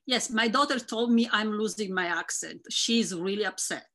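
A woman's voice: mid-range voice, normal speed. A middle-aged woman from Italy with a thick Italian accent, chatting as an interview guest about her work and life. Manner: thick accent, animated storytelling. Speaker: guest, Instagram content creator. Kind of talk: casual interview chat.

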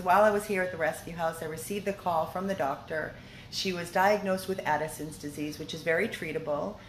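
A woman who runs a dog rescue, giving a heartfelt, chatty video update from the rescue house on her phone, with lots of fillers. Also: on the low side. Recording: echoey room with faint noise.

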